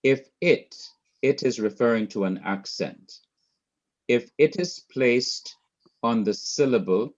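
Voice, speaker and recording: A man's voice: fairly low pitch, a little mellow, highs cut off. A man teaching a class, explaining step by step, repeating his points and quizzing a student. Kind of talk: class lecture.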